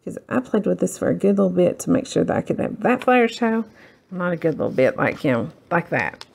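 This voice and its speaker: A woman's voice: on the low side, very animated, a little fast, creaky, darkish tone. A woman hosting a casual crafting tutorial, rambling and self-deprecating as she works. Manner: rambling, self-deprecating, talks while working.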